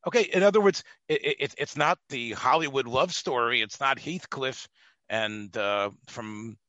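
A man hosting an interview, chatty and animated, with Yiddish asides and many fillers. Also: medium pitch, a little slow, dry recording, muffled recording. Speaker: podcast host, interviewer. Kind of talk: interview conversation.

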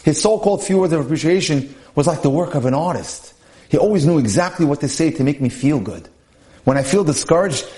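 A man's voice: a little high, a little mellow. A man giving an earnest podcast lecture on marriage, reading a personal story aloud and speaking straight to his listeners. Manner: earnest, preachy, addresses listeners directly.

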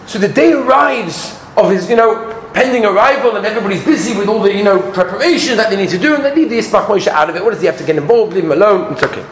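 High-voiced man giving an animated Torah talk. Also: fast, hardly any pauses. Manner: storytelling, acts out quotes, swings from loud to hushed. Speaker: rabbi giving a shiur. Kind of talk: animated Torah lecture with stories. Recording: echoey room with faint background hum.

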